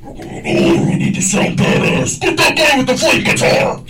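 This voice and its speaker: Loud, dim-witted wasteland villain, put on by a man to mock him, with wild pitch swings, on a far mic in a noisy bar. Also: huge pitch swings, measured pace, crowd noise, full character voice. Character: dumb blustering male wasteland movie villain.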